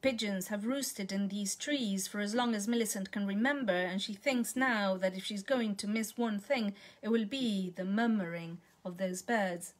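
A woman reading a literary short story aloud in a measured, calm manner. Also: medium pitch. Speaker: reader.

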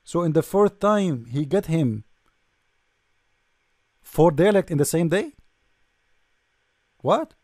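Man, high voice, dry sound, sarcastic lecturer, english, rhetorical questions. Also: expressive, slow pace, pauses often, dark tone, dry recording. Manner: non-native English grammar. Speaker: religious debate speaker. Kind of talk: lecture-style commentary.

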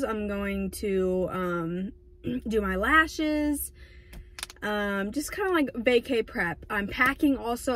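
A young woman vlogging casually, talking fast and filling with "like" and "um", filmed on a phone in her car and later on a tripod at home. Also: on the high side. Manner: fast, chatty, lots of "like" and "um". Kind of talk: casual vlog chat. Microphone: phone camera, then on a tripod.

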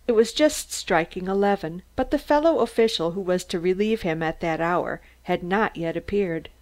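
A woman giving steady, measured audiobook narration. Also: lowish voice. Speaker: audiobook reader.

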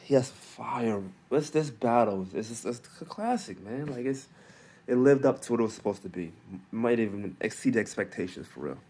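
A man hosting a casual solo recap, talking in loose slang with lots of restarts, fillers and quiet asides. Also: mid-range voice, lively intonation, moderate pace, husky. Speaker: battle rap recap host.

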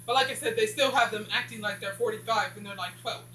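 A woman's voice: medium pitch, fast, sharp tone. A woman casually recapping a TV episode, rambling and skipping dialogue with "blah, blah.". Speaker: TV show reviewer. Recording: echoey room with faint hum.

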